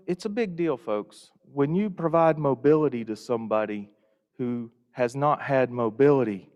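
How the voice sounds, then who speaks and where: A man's voice: on the high side, a little mellow. A man giving a folksy storytelling welcome speech to a conference audience. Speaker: Rotary district leader. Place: conference hall. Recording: reverberant hall.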